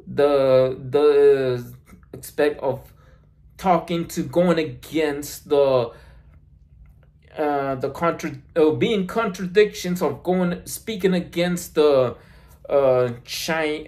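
A man in an unscripted solo video commentary, rambling with many restarts and fillers, recorded on a phone mic. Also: a little high. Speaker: video blogger.

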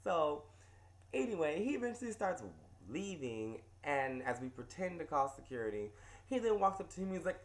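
A man hosting a comedic storytelling vlog from a couch indoors, telling the story in an animated, amused way. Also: fairly high pitch, normal speed. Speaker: host.

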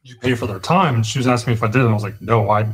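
A man, an army veteran and podcast co-host, talking in a plain, measured way with frequent restarts. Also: mid-range voice, breathy edge. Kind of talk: casual chat.

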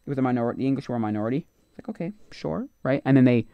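A man's voice: medium pitch, racing, vocal fry, clean tone, dry recording, dull audio. A man casually commenting on a live stream, rambling and opinionated, often trailing off into mutters.

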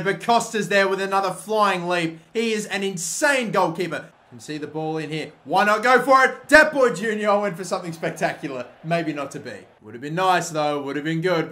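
A young man giving excitable play-by-play commentary on his own football video game, swearing often and breaking into loud shouts. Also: sits high. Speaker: gaming YouTuber.

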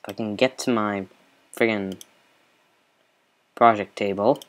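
A man's voice: fairly low pitch, fairly even intonation, slow. A man giving casual, rambling commentary over his own gameplay, with mumbled asides and lots of fillers. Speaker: let's play host.

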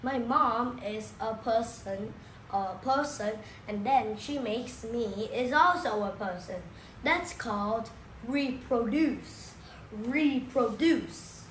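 Slow, patient woman teaching young kids. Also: fairly high pitch, fairly bright tone, slight background noise. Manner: repeats key words slowly, asks the listener questions. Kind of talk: slow classroom explanation for young children. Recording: echoey room with faint ambience.

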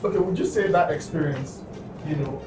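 A man asking an interviewer's questions, quiet and hesitant. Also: fairly high pitch, brisk, faint music behind.

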